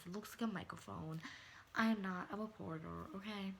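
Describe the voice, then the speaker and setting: A woman's voice: mid-range voice, moderate pace, a bit bright, a little hiss or hum, rough recording. A teenage girl ranting to a phone camera in a vlog, sassy and exasperated, calling people "honey.". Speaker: vlogger. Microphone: phone or webcam.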